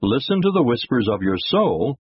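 A man tells a moral tale with an animated, rising and falling voice. His tone is husky and dry, heard on a dull lo-fi recording. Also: medium pitch, moderate pace, no echo. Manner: expressive, moralizing. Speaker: narrator. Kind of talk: storytelling narration.

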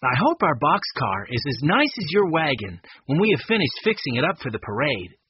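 A man doing a steady teenage boy. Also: on the high side, moderate pace, breathy edge, no room sound, highs cut off, heavily acted. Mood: plain.

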